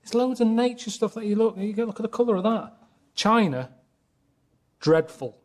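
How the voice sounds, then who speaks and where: A man chatting casually in a deadpan, rambling way, moaning about his travels. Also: high voice, normal speed. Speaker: guest on a comedy travel show. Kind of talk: casual comedic chat.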